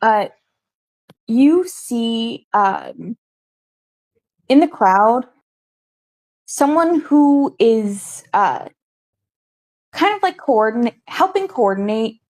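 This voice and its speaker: A woman's voice: on the high side, big pitch swings, extremely slow, pauses often, darkish tone. A woman running a tabletop game, describing scenes with many fillers. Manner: filler-heavy, descriptive narration. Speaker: game master.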